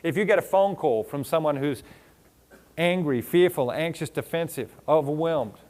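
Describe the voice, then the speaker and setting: His voice is a little high and darkish in tone, moving at a normal speed. A man with a foreign accent, he delivers a motivational keynote to a live audience from the stage, peppering it with rhetorical questions, lists of words, and playful jabs.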